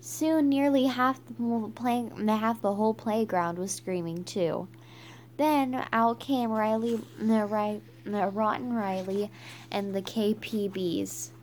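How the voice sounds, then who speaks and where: A woman reading a children's book aloud, halting and stumbling with frequent restarts. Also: medium pitch, darkish tone, a little hiss or hum. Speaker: reader.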